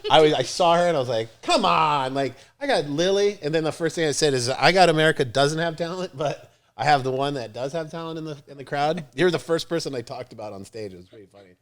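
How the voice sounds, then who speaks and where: A man's voice: fairly high pitch, fast talker, hardly any pauses. A man hosting a podcast in casual chat. He tells stories with lots of laughter and acts out the other people's lines. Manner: animated storyteller, acts out quotes, laughs often. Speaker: podcast host.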